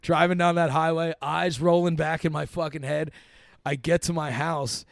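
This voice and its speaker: A man's voice: on the high side, steady tone, moderate pace, vocal fry, no room sound, clean studio sound. A young man, a comedian and podcast guest, telling a long story in a laid-back, profane way. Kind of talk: casual storytelling.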